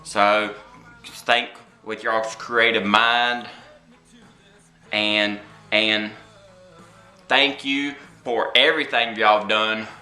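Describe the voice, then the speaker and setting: A man's voice: fairly low pitch, level tone, bright, forceful tone, faint music behind. Boastful man in an echoey room. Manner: boastful, brash, with drawn-out pauses. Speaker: comedic vlogger. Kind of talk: comedic monologue to camera.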